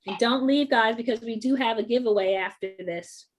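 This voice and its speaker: Woman, talk show host, relaxed, reads viewer questions, slightly high voice. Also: normal speed. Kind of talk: casual talk show hosting.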